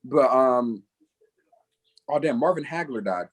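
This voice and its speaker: A man's voice: mid-range voice, lively intonation, slow. A young man from West Virginia co-hosting a podcast, telling stories casually and laughing often. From Huntington, West Virginia. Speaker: podcast co-host. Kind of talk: casual chat.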